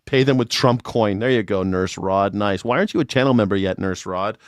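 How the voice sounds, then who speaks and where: A man's voice: fairly low pitch, a little fast, no echo. A man hosting casual political commentary, ranting profanely and sarcastically. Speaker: host.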